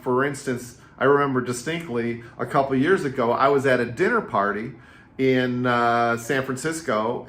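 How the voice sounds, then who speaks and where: A man in his fifties coaches real estate agents in a casual, energetic way, leaning on repetition and anecdotes. His voice sits at an ordinary middle pitch. The room around him gives it a noticeable echo. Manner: energetic, chatty storyteller with repetitive phrasing. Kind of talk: casual coaching talk to camera. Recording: roomy echo.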